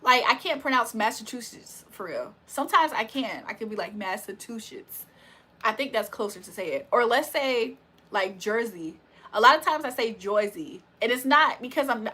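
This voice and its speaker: A woman's voice: on the high side, lively intonation, brisk, pushed and bright, husky. A young woman hosting a live stream in casual chat, laughing often and talking to her viewers as y'all. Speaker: livestream host.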